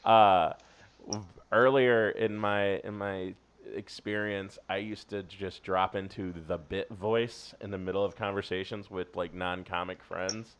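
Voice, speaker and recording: A man's voice: low-pitched, steady tone, measured pace, slight background noise. A man in his forties, a guest comedian, telling rambling jokey anecdotes in casual podcast chat.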